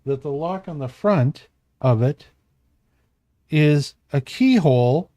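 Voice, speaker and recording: Game master, slow and unhurried, warm dark tone, dry close sound. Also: male voice, on the high side, expressive, dry recording. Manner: meandering, self-correcting. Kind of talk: narrating a tabletop game.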